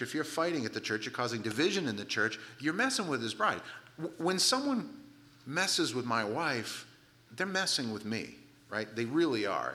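A middle-aged man preaching a sermon to a congregation, animated and sarcastic at times, with frequent restarts. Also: mid-range voice. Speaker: pastor.

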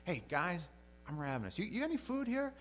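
A man voicing Jesus as a calm, reassuring adult man who speaks in casual modern words. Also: high voice, brisk, pitched above the performer's own voice. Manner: casual modern paraphrase, coaxing.

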